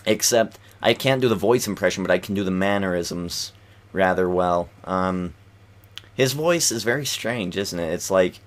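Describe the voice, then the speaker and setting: A man's voice: low-pitched, normal speed. A man giving casual, rambling gameplay commentary at home, keeping his voice down at night, full of fillers and restarts. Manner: kept quiet at night. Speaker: video game commentator.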